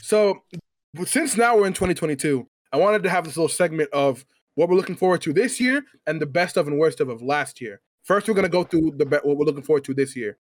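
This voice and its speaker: A man with a notably high voice rants and jokes through a podcast chat, loud and full of swearing. The sound is dry and close to the mic. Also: animated, fast talker, no room sound. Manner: loud, swearing, playful ranting. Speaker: podcast co-host. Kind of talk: casual chat.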